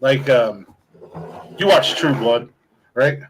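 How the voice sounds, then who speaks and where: A man's voice: medium pitch, slow, slight background noise, rough recording. A man from Ohio hosting a podcast in casual, crude, rambling chat, laughing often. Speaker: podcast host.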